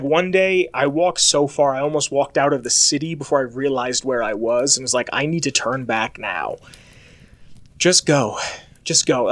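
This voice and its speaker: A chatty young American man rambles through a casual monologue packed with filler words, his voice sitting a little high. The recording is dry and close, with no room sound.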